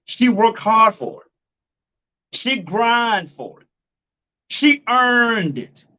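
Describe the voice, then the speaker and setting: A man delivers preachy relationship commentary in a blunt, profane way, hammering each point home with repetition. His voice sits high for a man. The recording is dull and lo-fi. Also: very animated, very slow, pushed and bright. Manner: addresses listeners as folks and family.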